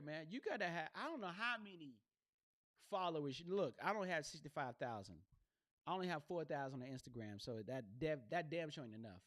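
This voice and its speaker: A man with a fairly high, slightly bright voice hosts his own casual solo podcast, speaking animatedly and a little fast. He rambles in slang and keeps asking "you know what I mean?", recording on a gaming headset in a home studio with a box light.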